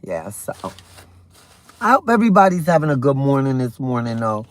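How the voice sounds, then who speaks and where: A man casually chatting on his morning livestream, animated and talking while he eats breakfast. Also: mid-range voice, normal speed, no echo. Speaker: livestream host.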